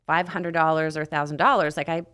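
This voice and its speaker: A woman's voice: sits low, fairly even intonation, quick pace, a bit bright, clean tone. A woman from Canada, a nurse practitioner, telling her story as a podcast guest in a candid, casual way, swearing now and then and acting out dialogue.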